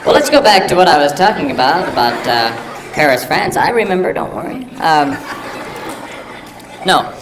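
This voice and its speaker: A man performing a live stand-up routine, mock-earnest and rambling, with sudden loud silly outbursts. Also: on the high side, very animated, normal speed, long pauses, a crowd in the background. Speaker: stand-up comedian. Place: live comedy venue with audience. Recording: echoey live recording from a distance with audience noise.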